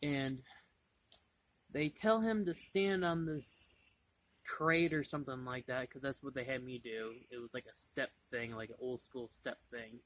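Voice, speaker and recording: A man hosting a casual chat, telling a story in an animated way and laughing often. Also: medium pitch, a little slow, poor audio. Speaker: channel host.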